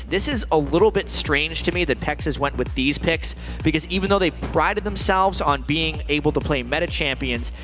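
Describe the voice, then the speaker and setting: A man casting an esports match, explaining team picks and backstory in an analytical way. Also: fairly high pitch. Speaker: esports caster. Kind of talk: play-by-play commentary. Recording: music playing behind.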